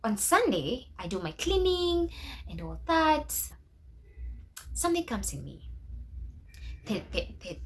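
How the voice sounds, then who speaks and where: A woman's voice: high voice, very animated, slow pace, pauses often, fairly bright tone, husky. A young adult woman vlogger telling a story to camera in a casual, emphatic way, with religious exclamations.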